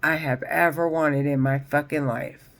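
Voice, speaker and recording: A woman's voice: low voice, fairly even intonation, unhurried. A woman talking straight to camera in a rambling, agitated monologue, swearing often. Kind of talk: monologue vlog.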